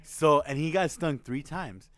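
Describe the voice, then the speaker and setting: A young man co-hosting a casual chat, telling a family story in a lively way, laughing, swearing and acting out the quotes. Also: on the high side, a little slow, no echo. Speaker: podcast co-host.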